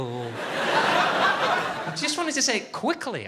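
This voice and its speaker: Grumbling stand-up comedian. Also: male voice, fairly high pitch, wildly swooping pitch, fairly quick. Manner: self-deprecating, grumbling, swings from mutters to loud rants. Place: comedy club stage with audience. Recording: live stage recording with audible background noise.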